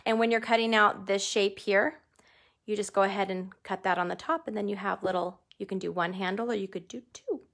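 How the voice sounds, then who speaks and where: Chatty woman with a gravelly voice. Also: medium pitch, steady tone, brisk, fairly bright tone. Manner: chatty, laughs often, jokes about herself. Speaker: stamping craft demonstrator. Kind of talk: live craft tutorial. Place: home craft room. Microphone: desk camera under studio lights.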